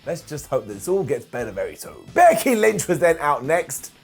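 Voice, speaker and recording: A man with a fairly high, gravelly, breathy voice whose pitch swoops wildly recaps a wrestling show at a moderate pace. He is sarcastic and jokey, imitating people in funny voices as light music plays.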